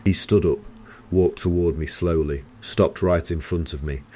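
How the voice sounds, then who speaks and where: A man narrating a first-person horror story in a steady, tense storytelling manner. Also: deep voice, moderate pace, a little hiss or hum.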